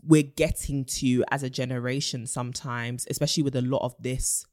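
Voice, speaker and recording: A woman's voice: a bass voice, steady tone, a little fast, a little mellow, dry recording, studio quality. A woman co-hosting a podcast, talking earnestly and with emphasis in a casual chat, with playful asides. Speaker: podcast co-host.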